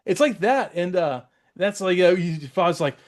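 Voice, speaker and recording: A man's voice: high voice, expressive, normal speed. A man co-hosting a podcast, casually recapping a cartoon episode, laughing often and acting out the characters' lines. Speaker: podcast co-host.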